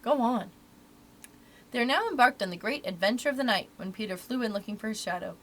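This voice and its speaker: A woman reading a children's book aloud for a library storytime, with expressive, animated delivery. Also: medium pitch, quick pace.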